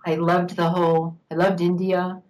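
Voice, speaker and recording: An older woman, an interview guest, telling a personal story in a reflective, unhurried way, laughing now and then. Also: on the low side, flat delivery, darkish tone, low-quality recording.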